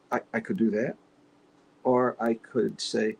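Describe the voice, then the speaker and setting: Gravelly-voiced male host, emphatic. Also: medium pitch, level tone, measured pace, long pauses, slight background noise, rough recording. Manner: supportive, emphatic, repetitive. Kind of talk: casual conversation.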